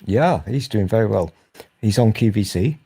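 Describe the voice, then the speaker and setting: Male host, 40s, low warm voice, rambling sweary banter. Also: lively intonation, normal speed, creaky, slightly rough. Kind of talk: casual chat.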